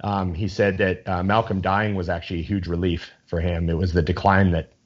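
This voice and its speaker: A man with a fairly low voice talks in loose, rambling casual chat. He is enthusiastic and swears freely. The recording sounds dull and lo-fi. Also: level tone, fairly quick.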